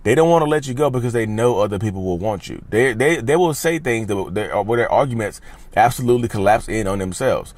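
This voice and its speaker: A man's voice: fairly low pitch, expressive, a little fast, a little mellow. A man, talking casually and emphatically to viewers from his car, repeating his points. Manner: emphatic, repetitive, talks straight to viewers. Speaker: channel host. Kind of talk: casual vlog talk. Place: inside a parked car. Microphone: phone camera.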